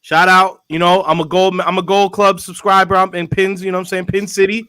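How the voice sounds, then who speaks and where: A man's voice: sits high, little pitch movement, brisk, crowd noise. A man hosting a casual group chat podcast over a video call, hyped and laughing, full of slangy banter. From Philadelphia area. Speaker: podcast host.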